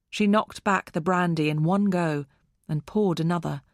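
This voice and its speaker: A woman's voice: deep voice, no echo, studio quality. Woman narrating a thriller audiobook. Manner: even, measured storytelling. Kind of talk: scripted narration.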